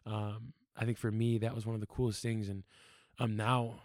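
A young man with a somewhat low voice chats on a podcast, earnest and rambling, with frequent laughs and fillers. The sound is dry and close. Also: level tone, normal speed, darkish tone, no echo. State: tearful. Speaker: podcast guest. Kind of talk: casual podcast chat.

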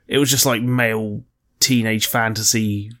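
A man's voice: lowish voice, steady tone, a little slow, fairly bright tone. A man co-hosting a podcast in casual chat, rambling, joking and swearing freely. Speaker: podcast co-host.

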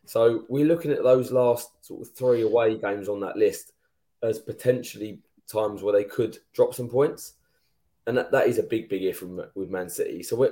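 A man's voice: lowish voice, warm tone. A man co-hosting a football podcast, joking and breaking down the run-in in casual chat. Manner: joking, analytical. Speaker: podcast co-host.

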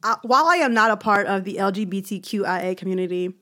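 A woman with co-hosts a casual chat. She is animated and emphatic, quick to object and push back on her friend's points. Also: medium pitch. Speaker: podcast co-host.

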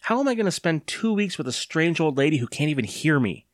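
A man's voice: a little high, big pitch swings, brisk, no echo, studio quality, voice pushed up. A man reading aloud and voicing a whiny, defiant twelve-year-old boy in a raised voice. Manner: sulky, pleading, sarcastic.

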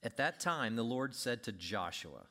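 A male pastor preaching a sermon, animated, acting out scenes with big swings in pitch and volume. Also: a little slow.

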